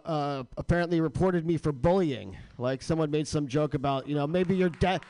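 A man's voice: on the high side, normal speed, darkish tone, no echo. A man hosting a radio show, ranting with crude, sarcastic comedy in a studio.

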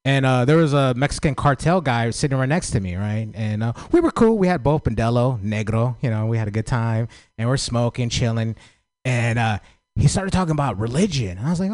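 A man's voice: medium pitch, expressive, fairly quick, darkish tone, dry recording. A man doing a loose, profane open-mic stand-up set, joking at his own expense and asking for feedback. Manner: loose, profane, self-deprecating.

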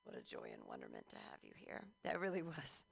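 A woman's voice: extremely low pitch, wildly swooping pitch, a little fast, vocal fry, slightly rough. A woman hosting a comedy show who gushes praise at the comic who just finished.

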